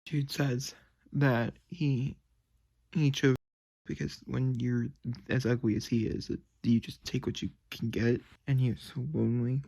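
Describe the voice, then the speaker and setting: A man's voice: mid-range voice, level tone, unhurried, vocal fry, warm tone. A young man rambling emotionally about a novel in a casual reading vlog from his bedroom at night, swearing freely. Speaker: book vlogger.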